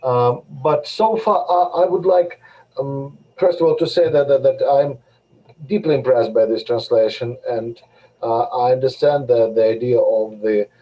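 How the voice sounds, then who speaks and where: A man hosting a question-and-answer session, speaking in a hesitant, halting way. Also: medium pitch, muffled recording, a little hiss or hum. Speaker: event host.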